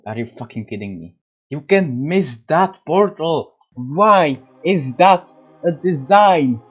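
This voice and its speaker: A man's voice: a little high, expressive, slow pace, breathy edge. A man giving casual commentary over his own gameplay, exasperated and swearing often.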